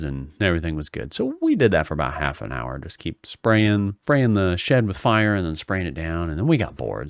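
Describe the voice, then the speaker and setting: Deep-voiced man telling a story. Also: clean tone, no echo, studio quality. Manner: chatty, self-mocking, with wry asides. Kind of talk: casual personal storytelling.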